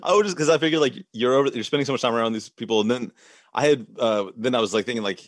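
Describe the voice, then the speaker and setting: A man's voice: medium pitch, racing, no room sound, studio quality. A male host rambling casually in an interview, laid-back and full of fillers.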